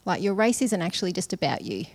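A woman's voice: on the low side, very animated, fast talker, slightly rough. A middle-aged woman giving a sermon in a casual, conversational way, often laughing between phrases. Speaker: conference speaker.

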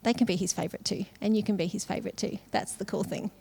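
A woman's voice: medium pitch, steady tone, fast talker, gravelly, warm tone, a little hiss or hum. A middle-aged woman giving a sermon in a casual, conversational way, often laughing between phrases. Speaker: conference speaker.

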